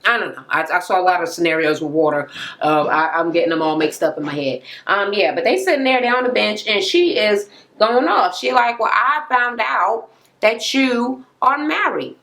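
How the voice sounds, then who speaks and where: Profane, animated woman recapping TV. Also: fairly quick. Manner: animated retelling, acting out quoted people with sharp pitch jumps; frequent profanity and fillers, laughs at the scenes. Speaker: reality TV recap vlogger. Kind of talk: casual, profane recap rant.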